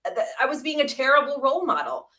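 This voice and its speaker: A woman co-hosting a podcast, speaking earnestly about her own life. Her voice is bright and a little higher than most. She often repeats words and restarts her sentences as she thinks. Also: lively intonation, fast talker. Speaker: podcast co-host. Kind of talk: candid casual chat.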